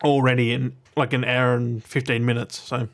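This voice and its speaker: A man's voice: medium pitch, flat delivery, brisk, creaky. A man talking casually to his viewers about his movie and game pickups, rambling and swearing freely. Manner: blunt, swears casually, digresses and restarts often.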